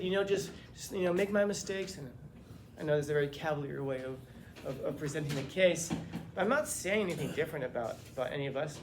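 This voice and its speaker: Male teacher, classroom lecture, slightly higher voice, animated rhetorical questioning, faint room hum. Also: fast talker.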